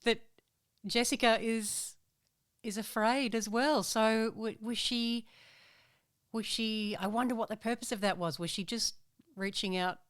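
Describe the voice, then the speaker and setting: A woman hosting a podcast, asking curious follow-up questions in a gentle, reassuring way. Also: fairly high pitch, fairly even intonation, measured pace, clean tone, no room sound, clean studio sound. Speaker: podcast host. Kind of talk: casual interview.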